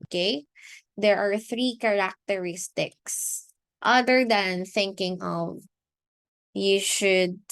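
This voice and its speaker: A woman teacher with a Filipino accent giving a recorded lesson, speaking in a measured way and often repeating or restarting phrases. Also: medium pitch, dry recording. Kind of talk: recorded online lecture.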